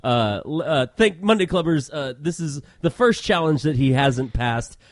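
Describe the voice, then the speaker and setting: A man's voice: fairly high pitch, animated, dry recording, clean studio sound. Hesitant male podcast quiz master. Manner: hesitant, fills pauses with uh. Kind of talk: casual chat.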